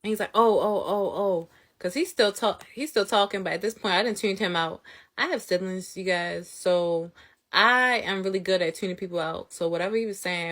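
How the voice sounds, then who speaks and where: A young woman vlogger casually telling a story, animated, laughing often and acting out what people said. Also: mid-range voice. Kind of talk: storytime vlog, casual retelling.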